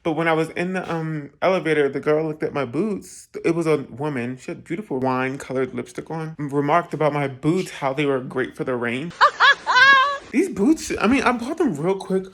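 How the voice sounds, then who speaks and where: A man's voice: on the high side, very animated, normal speed, sharp tone, slight background noise. A man from New Jersey vlogging in a casual, self-mocking storytelling style, laughing often and putting on voices for other people. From New Jersey, USA. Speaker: travel vlogger.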